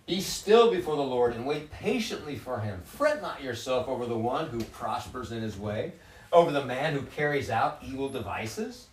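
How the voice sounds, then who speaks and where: A man's voice: mid-range voice, lively intonation, normal speed, far from the mic. Male Bible study leader, reads scripture and expounds; sits back from the mic in an echoey room. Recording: roomy sound from off-mic.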